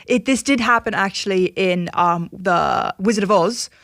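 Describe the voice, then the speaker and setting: A woman's voice: medium pitch, moderate pace, dry recording, clean studio sound. A woman in her twenties, a guest on a podcast, chatting casually and telling stories in a nervous, giggly way. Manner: nervous, giggly, lively storytelling. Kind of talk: casual chat.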